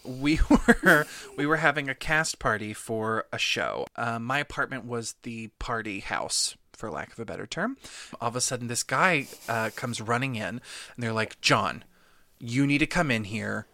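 Male podcast co-host, chatty storyteller, bright and dry. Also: mid-range voice, moderate pace, dry recording. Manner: animated anecdote-telling with laughs. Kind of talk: casual storytelling chat.

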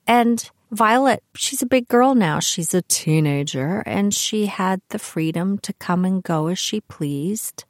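An older woman hosting her own podcast, talking in a chatty, animated way about her family. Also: no room sound, studio quality. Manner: chatty and animated, with swings in pitch. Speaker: podcast host. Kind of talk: casual solo podcast monologue.

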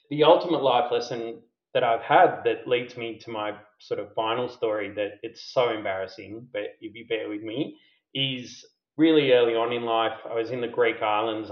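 A middle-aged man tells a self-deprecating personal story as a podcast guest, candid and laughing at himself. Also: medium pitch. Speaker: company founder and CEO, podcast guest. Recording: roomy, slightly dull podcast audio.

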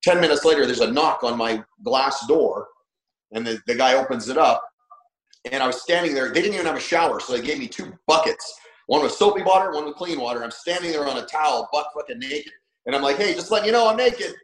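There's a roomy echo on this recording of a man with a medium-pitched, brisk voice. He's a trainer and coach appearing as a podcast guest, sharing a personal story with blunt emphasis and plenty of swearing.

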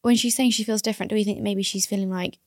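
A woman's voice: mid-range voice, steady tone, quick pace, no echo, studio quality. A woman co-hosting a casual podcast, chatting and reading listener letters aloud with her own reactions. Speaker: podcast co-host.

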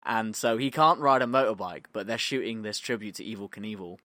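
A man co-hosting a podcast, telling a story in a loose, animated way, acting out quotes and laughing often. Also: lowish voice, fairly quick, no echo, clean studio sound. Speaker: podcast co-host. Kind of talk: casual storytelling chat.

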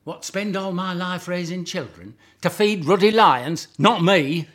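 Fretful northern working-class mother, put-on northern accent, high-pitched, exclaiming, voiced by a man. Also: measured pace, a bit bright. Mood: indignant. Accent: put-on northern English.

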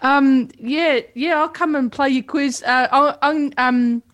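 A woman's voice: high-pitched, steady tone, slow, fairly bright tone. Hesitant woman quiz guest. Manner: hesitant, many ums. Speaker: comedy podcast guest and quiz contestant. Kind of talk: casual comedic banter.

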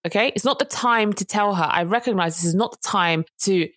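A woman's voice: mid-range voice, fairly quick, fairly bright tone, dry recording. A woman, co-hosting a casual chat and telling a story in an earnest way that rises to indignant emphasis. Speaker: podcast co-host.

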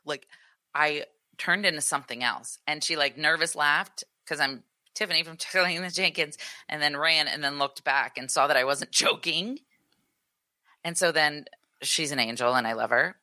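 A woman in her thirties with a strikingly low, gravelly voice that carries a bright, forceful edge. She chats casually on a podcast, telling stories with animated quoted lines. The recording is close and dry. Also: dry recording. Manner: animated storytelling, acts out quotes. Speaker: podcast co-host. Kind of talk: casual chat.

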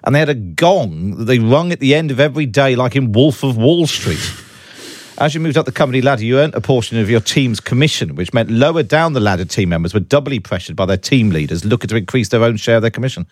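A man's voice: mid-range voice, lively intonation, quick pace, dry recording, studio quality. A man hosting a radio talk show, hesitant and full of fillers. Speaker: radio presenter. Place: radio studio. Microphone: studio mic.

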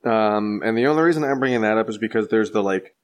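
A man's voice: lowish voice, fast. A young adult man co-hosting a podcast, chatty and eager to share movie trivia. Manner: chatty, excited about trivia. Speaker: podcast co-host. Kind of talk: casual film discussion.

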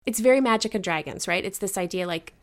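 A chatty woman talks through a novel in a relaxed co-host conversation. Her voice sits at an ordinary middle pitch, and her delivery is animated, with frequent laughs and loose fillers. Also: quick pace. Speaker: book podcast co-host. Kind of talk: casual book discussion.

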